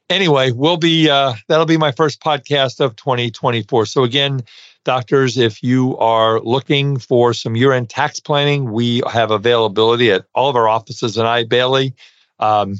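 A middle-aged New York man hosts a podcast in a medium-pitched voice, recorded lo-fi with no echo. He's a dental CPA who chats casually, full of "uh" fillers and warm thank-yous.

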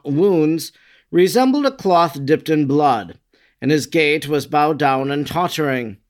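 A man reads a devotional book aloud in a slightly higher voice. His pace is slow and solemn, with no hurry. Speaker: narrator.

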